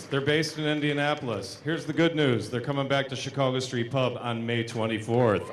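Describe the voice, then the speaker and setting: A man's voice: medium pitch, fairly even intonation, moderate pace, few pauses, crowd noise, noisy background. A man hosting a live music night, making upbeat announcements of sponsors and dates. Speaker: event host. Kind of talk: stage announcements. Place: pub stage.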